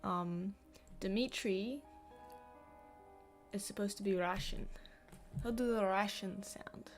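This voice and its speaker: A woman reads a novel aloud in a casual, unhurried way, breaking off for chatty asides. Her voice sits at a medium pitch. Soft music plays faintly behind her. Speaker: reader. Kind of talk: casual book reading aloud.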